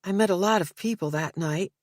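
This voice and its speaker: A woman's voice: lowish voice, a little fast, no echo, pitched above the performer's own voice, lightly acted. A sleepy teenage girl in an audiobook who answers in short, terse bursts, as a woman narrator puts her on. Her voice sits well above the narrator's own and sounds dry and close. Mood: drowsy, guarded. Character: teenage girl, drowsy and guarded.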